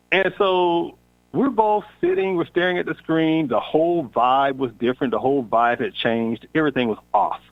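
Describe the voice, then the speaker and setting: A man of middle pitch tells a personal story candidly and casually, playing out both sides of the conversation. His voice comes through thin and tinny, like a phone line. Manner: animated, candid storyteller acting out dialogue. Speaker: podcast host.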